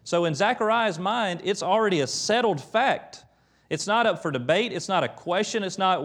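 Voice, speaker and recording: A man preaching a conversational, emphatic sermon in a church, retelling scripture with lively quoted voices. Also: high-pitched, moderate pace, breathy edge. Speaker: pastor.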